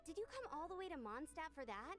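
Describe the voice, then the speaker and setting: A cheerful young scout girl in a game, high and upbeat with a teasing friendliness. Game music plays clearly behind her. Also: big pitch swings, fast.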